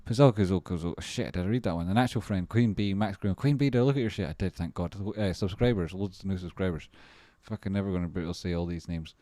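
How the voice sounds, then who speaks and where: A low-voiced man hosts a casual livestream, swearing freely and rambling as he jumps from one thing to the next. The sound is close and dry, with no room echo. His talk is loose and excitable. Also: quick pace, few pauses. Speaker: livestream host.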